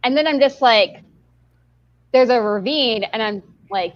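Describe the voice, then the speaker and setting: A woman's voice: on the high side, measured pace, no echo, lo-fi sound. A woman hosting a podcast who tells a story casually, rambling with lots of "like" and laughter. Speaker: podcast host.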